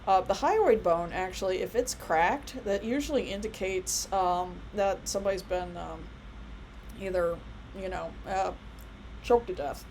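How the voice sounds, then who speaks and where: A woman's voice: mid-range voice, a little slow, darkish tone, a little hiss or hum, rough recording. A woman in her thirties giving a casual biology lecture, chatty and rambling with many fillers and asides. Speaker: college biology instructor.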